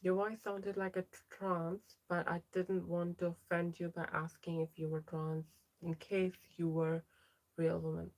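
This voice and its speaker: A woman's voice: on the low side, little pitch movement, measured pace, a little mellow. A young trans woman hosting a casual livestream, chatting as she reads out viewer names and answers their comments. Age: young adult. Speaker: livestream host.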